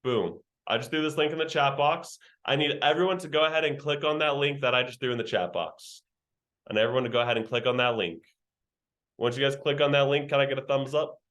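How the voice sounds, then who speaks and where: A man's voice: medium pitch, fairly quick, fairly bright tone. A young man leading a virtual sales training session over a video call, talking in slang and joking with the trainees.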